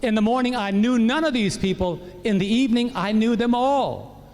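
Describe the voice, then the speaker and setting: A man preaching a personal testimony, telling his story in a lively way and acting out what his relatives said. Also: very high-pitched, normal speed. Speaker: pastor. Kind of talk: sermon testimony. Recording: echoey hall.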